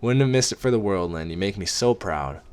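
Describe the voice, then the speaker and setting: A man's voice: on the low side, expressive, brisk, a little mellow, clean tone, natural voice. A man voicing a plain-spoken, affectionate middle-aged father with an easygoing, folksy manner, read as an amateur audiobook. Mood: fond.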